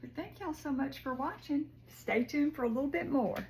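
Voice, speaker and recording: A woman's voice: high-pitched, animated, normal speed, darkish tone, roomy sound, a little hiss or hum, poor audio. A woman, chatting homily as she cooks and talks viewers through her holiday dishes in her kitchen. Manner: homey and chatty, says "y'all". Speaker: cooking vlogger. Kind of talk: casual cooking chat. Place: home kitchen.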